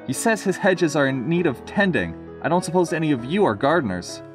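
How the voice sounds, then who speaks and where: A man's voice: a little high, big pitch swings, a little fast, music in the background. A man voicing a polite, eager young male engine who speaks courteously and a little nervously.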